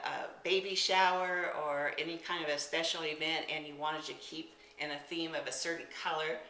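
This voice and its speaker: A bright, chatty woman walks through a craft demo, exclaiming as she works. Her voice sits a little low and comes from slightly off-mic in an echoey room. Faint clinks of glassware sound behind her. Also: recorded from a distance, a little hiss or hum. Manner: chatty, enthusiastic, exclaims while working. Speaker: craft demonstrator. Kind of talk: casual product demonstration. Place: indoor room.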